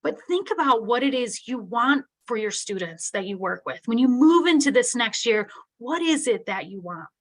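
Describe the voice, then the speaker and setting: A middle-aged woman with a somewhat high voice delivers a live online keynote on special education. Her tone is earnest and conversational, and she often tags her points with "right?" as she talks to the audience. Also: animated, moderate pace, few pauses, a bit bright.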